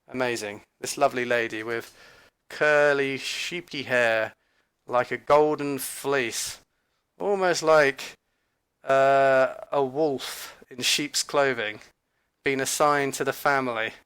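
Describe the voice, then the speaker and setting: A man telling a story to camera in a rambling, halting way, with fillers, restarts and emphatic asides. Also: medium pitch, fairly bright tone, clean tone. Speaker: commentator recounting an encounter.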